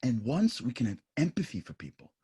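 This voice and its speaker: Panel speaker, male, husky, lively pitch, emphatic. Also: a little fast. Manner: animated, emphatic, drops to soft asides. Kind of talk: impassioned panel talk.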